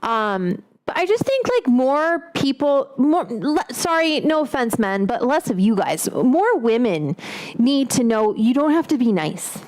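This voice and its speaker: A woman in her late thirties with a high voice hosts a casual cooking stream. She talks bluntly and rambles, swears freely and laughs often. Her voice is picked up by an omnidirectional mic. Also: very animated, a little slow, a little mellow. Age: late 30s. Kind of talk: casual livestream chat.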